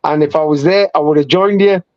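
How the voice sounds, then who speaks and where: A man's voice: a little high, a little fast, a little mellow, dry recording, dull audio. British man giving earnest advice. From United Kingdom. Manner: earnest, advising. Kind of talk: casual live chat.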